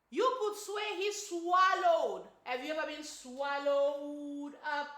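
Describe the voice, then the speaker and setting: A woman's voice: extremely high pitch, pushed and bright, roomy sound. A woman giving a casual, emphatic movie review, repeating her points with exclamatory punch.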